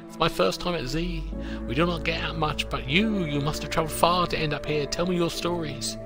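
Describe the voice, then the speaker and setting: A man voicing a lonely, wistful woman in rags in a video game, reading her lines in a high put-on voice. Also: steady tone, brisk, music in the background, close to an everyday voice. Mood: eager.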